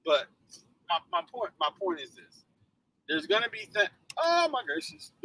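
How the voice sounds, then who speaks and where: A man hosting a motivational live stream in casual chat, animated and joking, laughing often. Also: sits high, moderate pace, creaky, rough recording.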